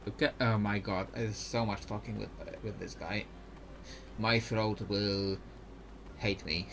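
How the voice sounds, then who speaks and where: A man chatting his way through a live game playthrough, rambling with lots of fillers and quick laughs. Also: lowish voice, steady tone, gravelly, noisy background. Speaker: gamer.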